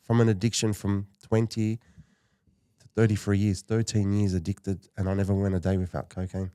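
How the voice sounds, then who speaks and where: Low, dark-voiced man. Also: flat delivery, clean tone, no room sound, studio quality. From Western Sydney, Australia. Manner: halting, with frequent restarts. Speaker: podcast guest. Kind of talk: personal storytelling.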